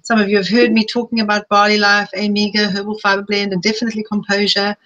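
A middle-aged woman presenting live to a webinar audience. She talks in a chatty, personal way, and now and then reels off long quick lists. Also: mid-range voice, little pitch movement, a bit bright, muffled recording. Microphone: streaming live.

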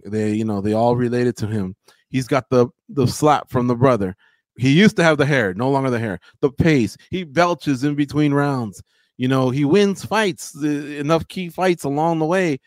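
A man's voice: on the high side, lively intonation, normal speed, no echo. A man hosting a casual sports talk show, chatty and opinionated as he recaps fight results. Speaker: podcast host.

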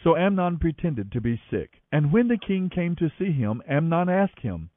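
A man who is a Bible reader and podcast host narrates scripture in an animated, expressive style at normal speed with hardly any pauses. His slightly high voice ranges widely in pitch, and the audio is thin, tinny and phone-like, dry and close with no echo.

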